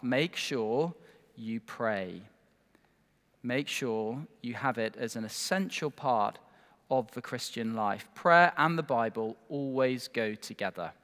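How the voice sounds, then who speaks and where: Earnest preacher in a reverberant hall. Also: male voice, mid-range voice, fairly bright tone. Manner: earnest, emphatic, with rhetorical asides. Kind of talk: sermon.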